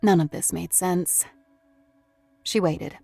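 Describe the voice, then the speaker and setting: Low-voiced woman reading a novel. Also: steady tone, takes it slowly, vocal fry, a little mellow, slightly rough, no echo. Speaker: audiobook narrator. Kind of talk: scripted narration.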